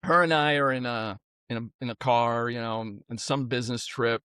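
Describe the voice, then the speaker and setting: A man being interviewed as a guest on a podcast, telling stories in an animated way, with many fillers and restarts. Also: medium pitch, normal speed, smooth, dry recording. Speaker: guest, former company executive. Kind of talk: conversational interview storytelling.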